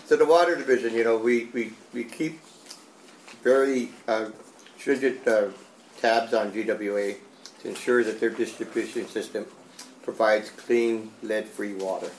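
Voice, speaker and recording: A man's voice: fairly low pitch, fairly even intonation, unhurried. A man from a water division speaking up in a meeting, rambling and repeating his words. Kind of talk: meeting discussion. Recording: echoey room, faint noise.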